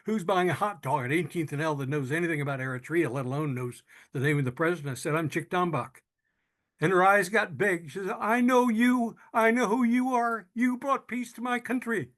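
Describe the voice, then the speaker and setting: An older man tells his story in an earnest, unhurried way. His voice sits a little high for a man, and he often stops to restart a phrase. He gets moved as he goes on. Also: a bit bright. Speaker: speaker telling his own story. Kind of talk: personal storytelling talk.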